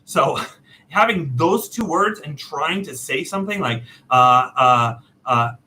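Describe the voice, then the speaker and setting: A man casually telling a personal story, animated and self-deprecating, laughing often. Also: fairly high pitch, slow pace, slight background noise, poor audio. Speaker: storyteller host.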